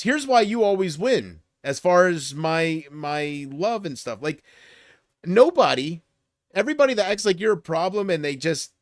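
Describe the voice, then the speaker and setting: A man on a livestream talks straight to his chat in a loose, rambling rant full of swearing and restarts. His voice sits a bit high for a man. The sound is dry and close, with no room around it. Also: no room sound. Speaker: livestream host.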